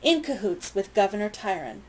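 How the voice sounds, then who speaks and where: A woman's voice: medium pitch, sing-song, moderate pace, natural voice, rough recording. A stern, commanding militia officer who accuses and orders without hesitation, as a woman reading a novel aloud puts him on. Faint background noise sits under the read.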